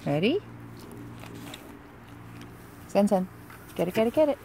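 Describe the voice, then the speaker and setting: A woman dog trainer explaining a grooming-table exercise, breaking into loud, excited praise and cues for the dog. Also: medium pitch, fast talker, slight background noise. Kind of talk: hands-on training demo.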